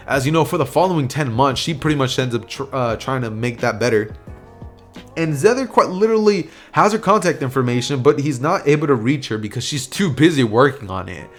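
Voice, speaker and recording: A man's voice: medium pitch, expressive, fairly quick. Rambling man telling a fan story. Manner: rambling, lots of fillers. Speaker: YouTube storyteller. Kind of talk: casual fan-story narration. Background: soft music.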